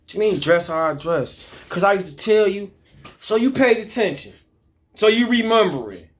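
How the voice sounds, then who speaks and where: A man's voice: high voice, expressive, moderate pace. A man delivering a profane, confrontational monologue that keeps repeating the same challenging question.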